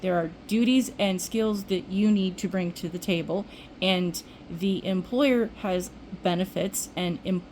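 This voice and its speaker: A woman's voice: mid-range voice, darkish tone, a little hiss or hum, poor audio. An older woman vlogging, telling a rambling everyday story in casual chat with restarts. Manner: chatty, rambling, with restarts and acted-out quotes.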